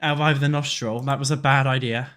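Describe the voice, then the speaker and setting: A man's voice: mid-range voice, steady tone, brisk, a bit bright. A man with a cold, chatting crudely and joking with his live chat while building in a game. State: congested with a cold. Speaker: streamer. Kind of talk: casual livestream chat while playing.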